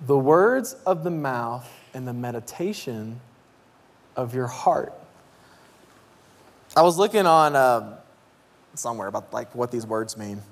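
A man in his thirties preaching in a church, telling a story with deep emotion and shouting out his kids' voices. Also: lively intonation, unhurried, vocal fry, pauses often. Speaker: pastor. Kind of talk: sermon. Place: church sanctuary. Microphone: handheld mic. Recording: long hall reverb in a church.

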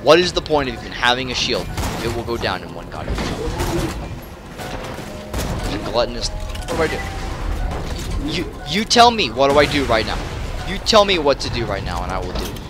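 A man's voice: medium pitch, very animated, brisk, long pauses, loud music behind the voice. A man giving let's play commentary at home, ranting furiously with constant swearing and stammered repeats. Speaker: gamer. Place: at home playing on a television.

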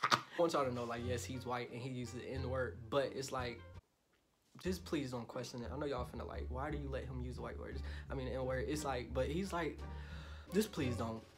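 A young man vlogs in a loud, joking voice full of swearing, then turns soft and mock-tender when he reads out his messages. His voice sits at an average pitch, and music plays clearly behind him. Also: fairly even intonation, moderate pace. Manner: loud, profane and joking, swings to soft mock-romantic reading. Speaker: YouTuber. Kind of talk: casual vlog talk.

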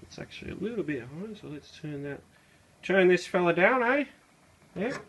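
A young Australian man vlogs casually as he cooks in a little kitchen, chatting loosely with heaps of fillers and slang. His voice sits high and sounds animated, fairly bright and a touch breathy, at a normal speed.

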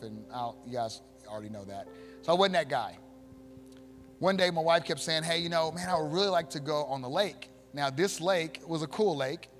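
A male pastor preaching a sermon, animated in his storytelling and swinging from hushed to loud. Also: fairly high pitch.

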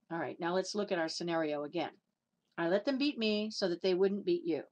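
A woman's voice: fairly low pitch, a little fast, a little mellow. A woman preaching a sermon, emphatic, asking her listeners questions and acting out the people in her stories.

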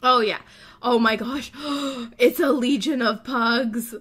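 Woman, let's play host, gushing gameplay commentary, bright crisp voice, a bit high, rambling. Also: a little slow. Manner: excitable, gasping and squealing with delight; chatty, rambling thinking aloud.

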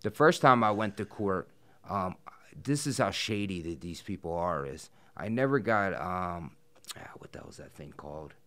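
A man's voice: deep voice, lively intonation, normal speed, fairly bright tone. A man telling stories in a casual interview, blunt and profane, full of fillers and asides. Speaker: professional wrestler, guest. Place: studio interview set.

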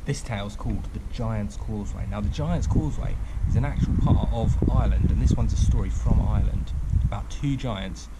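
A man's voice: fairly low pitch, fairly quick, very noisy. A man reading a picture-book story aloud as a storyteller, with chatty explaining asides.

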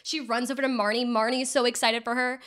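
A woman co-hosting a podcast in casual chat, upbeat and quick to giggle. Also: fairly high pitch, level tone, very noisy. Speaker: podcast co-host.

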